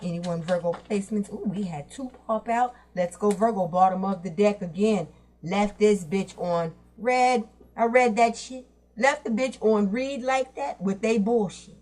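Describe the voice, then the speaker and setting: A woman's voice: mid-range voice, normal speed, a little mellow. A woman giving a casual tarot reading to her viewers, talking bluntly in streetwise slang and cursing freely. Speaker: tarot reader.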